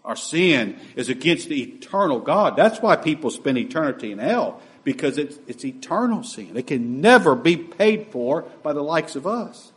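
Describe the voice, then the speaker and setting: A man preaching a sermon with passion, moving between loud emphatic lines and quiet, hushed asides. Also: fairly high pitch, sing-song, moderate pace, hardly any pauses.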